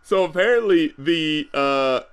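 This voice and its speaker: A man co-hosting a podcast in casual chat, excitable, laughing often and acting out quotes. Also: on the high side, measured pace, clear, resonant tone. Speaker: podcast co-host.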